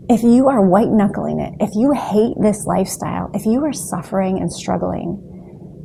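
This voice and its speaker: A woman's voice: mid-range voice, gravelly, dark tone, slight background noise. A woman talking in a motivational vlog, earnest and encouraging as she addresses her viewers. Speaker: raw food vlogger.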